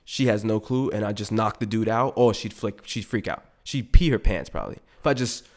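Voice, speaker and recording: A young man hosts a podcast, rambling through a comedic, profane monologue and putting on voices for the people in his stories. His voice sits fairly low, with a darkish tone and a brisk delivery.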